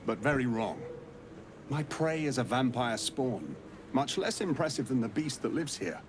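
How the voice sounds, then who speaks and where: A man's voice: medium pitch, very animated, moderate pace, lightly acted. A man voicing a proud, wandering male monster hunter in a video game, speaking in a formal, wry way. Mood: grim.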